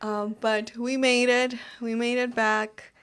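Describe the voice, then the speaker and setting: Chatty, higher-voiced woman podcast co-host. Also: takes it slowly, clean tone. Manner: chatty, expressive, mimics sounds. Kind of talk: casual chat.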